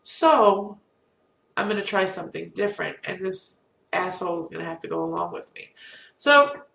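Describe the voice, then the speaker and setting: Middle-aged woman vlogger with a cold, gravelly and rambling, recorded off-mic in a boomy room. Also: animated, normal speed, a bit bright. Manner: rambling, candid, self-deprecating. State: has a cold. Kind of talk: casual storytelling to camera. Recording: roomy echo, distant from mic.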